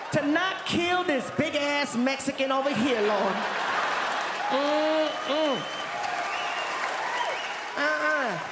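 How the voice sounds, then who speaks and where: A man voicing a sassy, loud woman hotel worker who scolds and exclaims. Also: high-pitched, very noisy. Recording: live hall with loud audience laughter.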